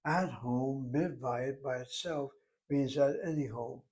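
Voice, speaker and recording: A man's voice: medium pitch, slow pace, a little mellow, slightly rough, rough recording. A man teaching a Hebrew lesson, explaining words step by step and spelling some out letter by letter.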